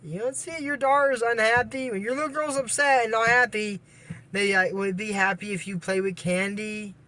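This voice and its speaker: A man's voice: high voice, fairly even intonation, normal speed, pushed and bright. A man casually recapping a cartoon episode, rambling with lots of fillers and restarts and dropping sarcastic asides. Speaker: anime episode reviewer.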